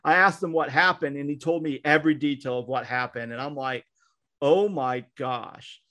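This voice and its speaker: A man's voice: on the high side, steady tone, brisk, bright, forceful tone. A man, co-hosting a casual podcast and telling a long story with acted-out quotes and frequent restarts. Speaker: podcast co-host, minister.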